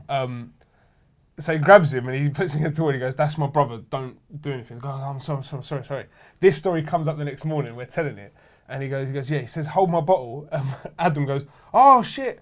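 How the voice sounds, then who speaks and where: A man's voice: medium pitch, fast talker. A man, a podcast co-host, telling a story in casual chat and laughing through the funny parts. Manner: lively, laughs through his own story.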